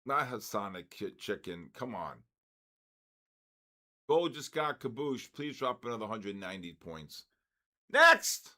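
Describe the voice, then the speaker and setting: Viewers' names get called out in a loud sing-song by this older trading stream host, who sounds jokingly exasperated. He has a lowish, animated voice and a measured pace.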